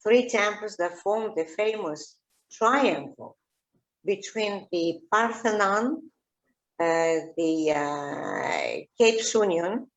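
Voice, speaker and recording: A Greek woman with a Greek accent, an archaeologist chatting in an interview, halting with many fillers and restarts. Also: mid-range voice, muffled recording. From Greece. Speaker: archaeologist guest. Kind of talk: casual interview chat.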